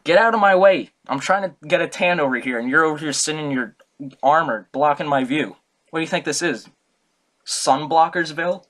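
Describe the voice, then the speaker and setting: A young man voicing a brash, cranky old male philosopher who mocks and shouts his complaints in a comic history talk. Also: a little high, brisk, voice pushed up, close to an everyday voice.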